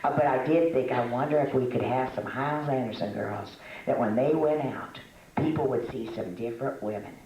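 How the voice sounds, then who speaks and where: An older woman with a rumbling, low, warm voice talks briskly and with few pauses to a women's meeting, keeping it folksy and self-mocking with frequent laughs and fillers. The room is echoey, and a slight hiss or hum sits under the recording.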